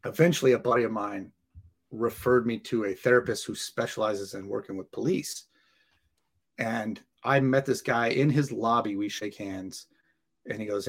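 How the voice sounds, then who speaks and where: Man telling a lively story. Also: lowish voice, moderate pace, gravelly. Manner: animated, acts out dialogue and laughs while telling. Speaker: firefighter guest. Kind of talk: casual storytelling in an interview.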